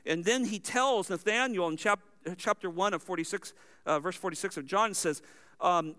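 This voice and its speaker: Male preacher, high clear voice, teaching a sermon verse by verse, explanatory with asides. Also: moderate pace, a bit bright.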